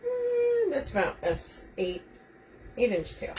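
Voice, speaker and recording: A woman's voice: high-pitched, wildly swooping pitch, measured pace. A woman hosting a live craft demonstration, chatting with viewers as she talks them through each step. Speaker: wreath-making host. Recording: distant mic, faint room noise.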